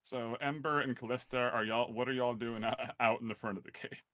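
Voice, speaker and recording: A man narrating as game master of a tabletop game, animated and laughing along with his players. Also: medium pitch, no room sound. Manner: animated, laughing, quick to play out side voices.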